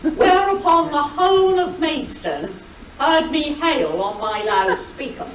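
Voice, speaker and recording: A woman's voice: high-pitched, sing-song, heavy background noise. An older woman giving a witty, anecdotal talk as guest speaker, recorded from a distance in a hall over a video call. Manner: brisk, witty storyteller, mimics shouted quotes. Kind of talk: anecdotal after-dinner talk. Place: meeting hall.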